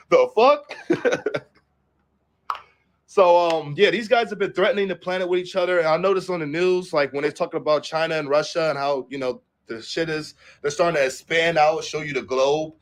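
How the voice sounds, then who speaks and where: A man's voice: a little high, fairly even intonation, brisk, few pauses. A young man hosting a political livestream, casually cursing and rambling as he reads headlines aloud and riffs on them. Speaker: livestream host.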